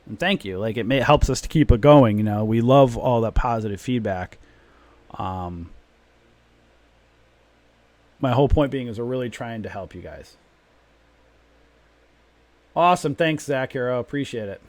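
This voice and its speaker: A man's voice: mid-range voice, normal speed, a little mellow, no echo. Guy hosting a live trading stream, ranting hard, dry close mic. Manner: emphatic, ranting, repeats his points. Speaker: trading room host.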